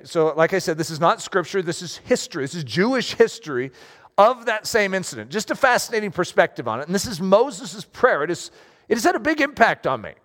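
A man preaching a sermon, talking in a lively, conversational way with self-deprecating asides. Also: sits high, long reverb tail. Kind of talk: sermon with story reading.

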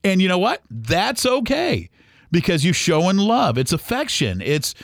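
A man's voice: high voice, huge pitch swings, measured pace, vocal fry, no room sound, studio quality. Earnest rambling male podcast host. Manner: rambling, earnest, many fillers and restarts; speaks of faith gently and sincerely. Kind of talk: heartfelt casual monologue.

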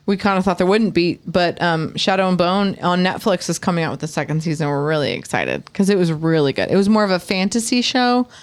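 A woman co-hosting a casual podcast chat about TV shows, chatty and quick to laugh. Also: on the low side, lively intonation. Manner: chatty, laughs easily, repeats words playfully. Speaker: podcast co-host.

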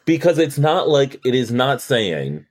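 A man co-hosting a casual podcast, recapping a TV episode in an animated, profane way and acting out characters' lines. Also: medium pitch, a little slow. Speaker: podcast co-host. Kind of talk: casual chat recapping a TV show.

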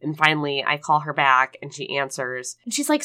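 A woman co-hosting a podcast. She is sick and her voice sits lower than usual, and she tells stories in a casual, animated way, acting out the quoted voices. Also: fairly quick, few pauses. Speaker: podcast co-host. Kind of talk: casual storytelling chat.

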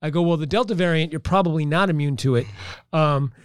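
A man's voice: fairly high pitch, fast, clear, resonant tone, no room sound, studio quality. A middle-aged man, a gym owner, telling a story in casual chat and acting out the dialogue. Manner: animated storyteller, acts out dialogue.

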